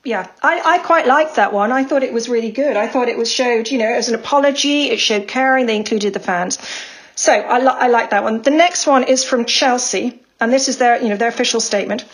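Higher-voiced woman co-hosting a podcast. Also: a little fast. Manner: presents and reads out statements, chatty asides. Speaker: podcast co-host. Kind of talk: casual discussion podcast.

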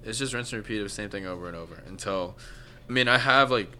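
A young man in his twenties talks in a relaxed, dry podcast chat, swearing offhandedly. His voice sits a little low, with a bright, forward edge. A soft hum of faint noise stays in the background. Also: quick pace. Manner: laid-back, dry, swears casually. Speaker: guest, online cooking creator.

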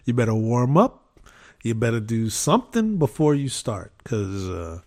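A man in his fifties with a gravelly, creaky voice at an ordinary pitch. He talks casually and rambles, restarting phrases and acting out quotes with lively asides. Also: a little slow. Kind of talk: casual storytelling chat.

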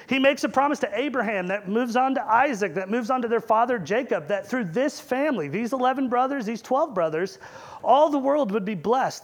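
A man preaching a sermon in a conversational way, asking the congregation rhetorical questions. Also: extremely high pitch.

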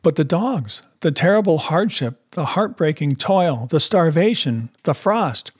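A man reading aloud voices an earnest young wife who pleads emotionally in a raised, husky voice. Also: a little high, lively intonation, a little slow, a little mellow, dry recording, clean studio sound, pitched above the performer's own voice. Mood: pleading.

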